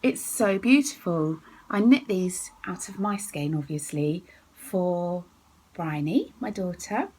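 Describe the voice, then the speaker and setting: A middle-aged woman chats through her knitting podcast at an unhurried pace. Her voice is soft and breathy, and she giggles easily and sometimes slips into a whisper. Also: on the low side, lively intonation, rough recording. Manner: chatty, giggly, often drops to a soft whisper. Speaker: podcast host. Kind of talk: casual chat about knitting.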